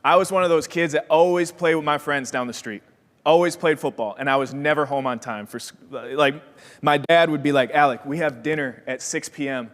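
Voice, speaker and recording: A young man from Wisconsin giving a motivational talk as keynote speaker, an energetic storyteller who acts out the voices in his story. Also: on the high side, a little fast. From Wisconsin, USA. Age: young adult. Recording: long hall reverb.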